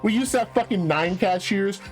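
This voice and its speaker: A man's voice: sits high, brisk, soft background music, poor audio. A male streamer in casual chat, ranting in an exasperated way with constant swearing.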